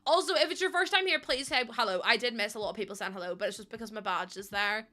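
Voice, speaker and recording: A woman live streamer chatting casually with her viewers, excitable and gushing, laughing often. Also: fairly high pitch, quick pace, few pauses, soft background music.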